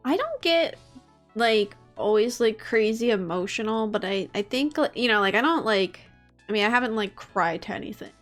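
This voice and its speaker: A woman's voice: on the high side, lively intonation, moderate pace, a bit bright. A woman talks casually on a stream, rambling through her thoughts with plenty of fillers and restarts. A faint bit of music plays under her voice. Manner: chatty, many fillers and restarts. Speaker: guest. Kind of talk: casual chat.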